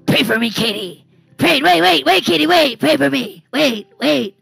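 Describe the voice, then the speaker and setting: A woman's voice: sits high, expressive, normal speed, vocal fry, fairly bright tone, faint music behind, exaggerated voice. Woman doing a nagging, pleading lady. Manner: repetitive, urgent, nagging. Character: pleading woman with a stiff neck, eager, insistent.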